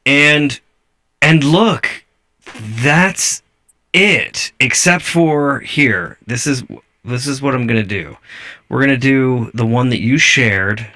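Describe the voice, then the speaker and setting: Bright-voiced man hosting a podcast. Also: mid-range voice, takes it slowly. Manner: amused, profane, rambling. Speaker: podcast host. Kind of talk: casual chat reviewing videos.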